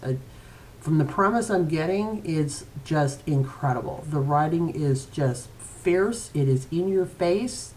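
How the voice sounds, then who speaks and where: A woman's voice: deep voice, a little mellow, slight background noise. A woman author chatting casually at home to viewers of her weekly video blog, with many hesitant fillers. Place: at home with her cat nearby.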